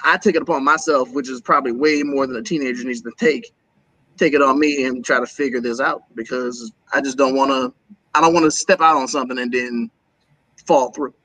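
Animated man, dry close sound. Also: mid-range voice, no room sound, poor audio. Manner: animated, laughs often, rapid asides. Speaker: guest. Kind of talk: casual interview talk.

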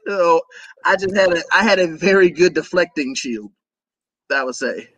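A man talking as a guest in a casual interview, animated and laughing often, with quick asides. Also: high voice, rough recording.

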